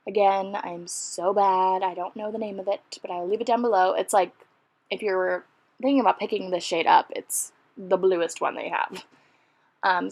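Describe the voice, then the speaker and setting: Girl doing a makeup tutorial voice-over, lots of vocal fry, chatty and kinda self-deprecating, rambles a bit. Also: mid-range voice. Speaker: beauty vlogger.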